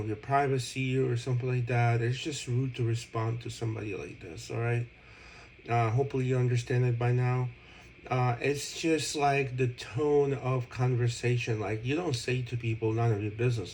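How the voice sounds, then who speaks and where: A man's voice: mid-range voice, darkish tone, a little hiss or hum, low-quality recording. A man speaking casually to an old friend, explaining himself at length with many fillers and restarts.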